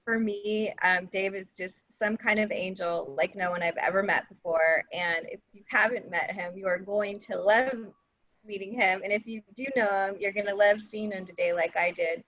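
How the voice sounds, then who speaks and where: A woman's voice: mid-range voice, steady tone, moderate pace, a bit bright, dull audio. A woman hosting an online talk, introducing her guest in a gushing, effusive way. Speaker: host.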